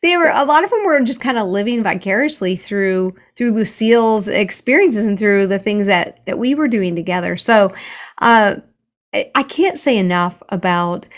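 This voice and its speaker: A woman's voice: medium pitch, expressive, normal speed. Give me an earnest woman author as a guest, restarting her sentences. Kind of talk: conversational interview.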